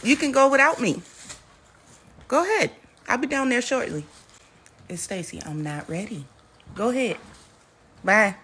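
A woman's voice: on the high side, animated, measured pace, pauses often, fairly bright tone. A woman filming a casual family vlog at home on her phone, teasing and chanting playfully. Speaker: vlogger. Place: home indoors. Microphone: handheld phone. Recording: noisy home phone recording.

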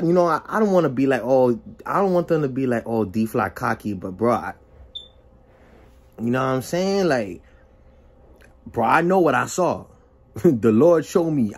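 Animated young man telling a story. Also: mid-range voice, husky. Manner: animated, acts out dialogue with exclamations. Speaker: vlogger telling a personal story. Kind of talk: casual testimony storytelling.

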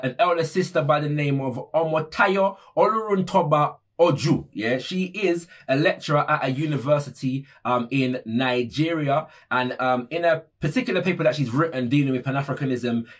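A man's voice: fairly high pitch, animated, moderate pace, hardly any pauses, a bit bright. A man presenting an explanatory talk, conversational, with frequent tag questions and fillers. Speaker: educator presenting a video series.

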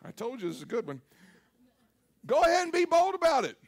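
A man's voice: extremely high pitch, wildly swooping pitch, a little fast. A man preaching a sermon to a congregation, with an emphatic, call-and-response delivery. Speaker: pastor. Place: church service.

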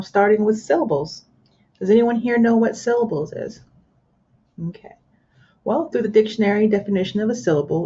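A woman teaching a pronunciation lesson to an imagined class, pausing for their answers and using plenty of fillers like "uh" and "um". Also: medium pitch, warm tone, breathy edge. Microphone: screen recorder with built-in microphone. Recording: dull lo-fi screen recording.

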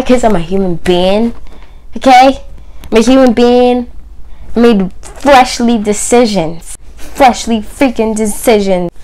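A woman's voice: a little high, darkish tone. A woman talking openly to camera about her faith, with emphatic phrasing that keeps dropping to a near whisper. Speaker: video host. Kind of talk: personal faith talk to camera.

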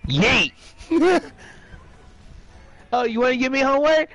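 High, lively young man ranting. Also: slow, no room sound, faint music behind. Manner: profane, animated, laughs a lot. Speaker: friend on voice chat. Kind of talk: casual gaming chat.

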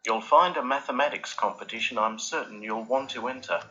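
A man's voice: mid-range voice, brisk, bright, forceful tone, highs cut off, lightly acted. A man voicing a jovial male friend calling on the telephone in a storybook, hearty and chummy.

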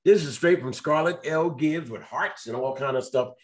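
A man hosting a casual live online interview, lively and playful, with loose, colloquial speech. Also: fairly high pitch, normal speed. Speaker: host of a live online show.

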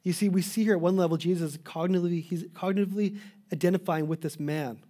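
A middle-aged man preaches a sermon with earnest, pleading emphasis, sometimes breaking off and restarting a phrase. His voice sits a little high but sounds mellow and warm. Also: steady tone, quick pace. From Canada. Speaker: pastor.

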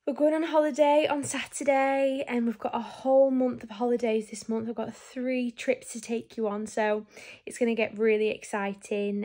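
A woman's voice: high voice, darkish tone, dry recording. Chatty young woman vlogging. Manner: chatty, self-mocking. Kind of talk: casual vlog commentary. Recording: noisy street and crowd background.

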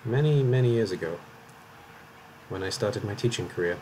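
A man's voice: on the low side, expressive, moderate pace, darkish tone, a little hiss or hum, poor audio. A man from Wales with a slight Welsh accent, commentating live on his game in a chatty, rambling way and often correcting himself. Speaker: streamer.

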